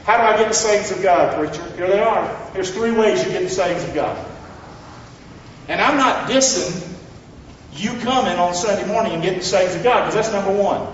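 A male pastor preaching a blunt, rousing sermon that swings from loud calls to hushed lines. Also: high voice, normal speed, slight background noise. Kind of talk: fiery sermon. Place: large church hall. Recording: echoey hall, distant mic, dull sound.

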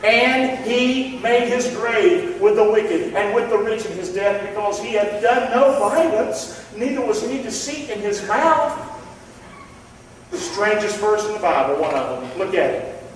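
A Southern-accented male preacher delivers an impassioned, folksy sermon, calling out to his congregation for responses. His voice sits high for a man. It rings through a big reverberant church hall, picked up from a distance with a faint hum of ambience behind it. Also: animated, unhurried. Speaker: pastor. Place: church sanctuary. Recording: echoey hall, mic far off.

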